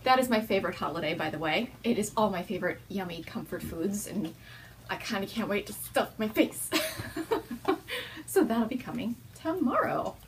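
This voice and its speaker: A woman's voice: medium pitch, lively intonation, moderate pace, slight background noise. A young woman hosting a knitting video podcast at home, chatting casually and laughing often.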